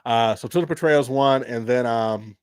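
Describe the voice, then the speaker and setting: A man's voice: medium pitch, moderate pace, clean tone, no room sound, studio quality. A man hosting an unscripted livestream chat, rambling loosely and laughing often. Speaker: host.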